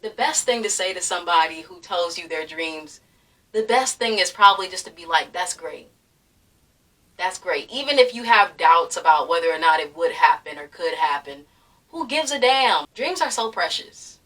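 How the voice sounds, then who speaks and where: A woman's voice: lowish voice, animated, moderate pace, pushed and bright, far from the mic. A young woman ranting in a heated commentary, swearing freely, laughing now and then, and piling on fillers. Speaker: commentary vlogger.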